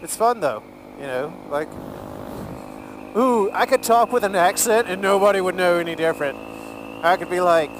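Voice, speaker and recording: Guy, rambling car vlog, jokey, slightly higher voice, faint road noise. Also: animated, moderate pace. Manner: chatty, rambling, jokey, laughs easily. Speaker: vlogger. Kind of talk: casual rambling vlog while driving. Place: in a car, driving.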